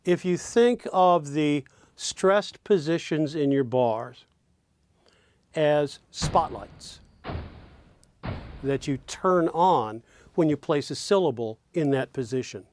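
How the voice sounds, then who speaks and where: A man's voice: on the high side, animated, a little mellow, dry recording, studio quality. A man teaching songwriting, explaining lyric stress and counting out beats as he goes. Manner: slow, explanatory, counts beats and speaks example lines aloud. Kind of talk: lesson on lyric stress and rhythm.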